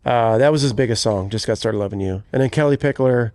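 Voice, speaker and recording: A man's voice: mid-range voice, quick pace, a little mellow, no room sound. A man co-hosting a podcast in casual chat, rambling and correcting himself as he talks. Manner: rambling, self-correcting, chatty. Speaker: podcast co-host, country singer.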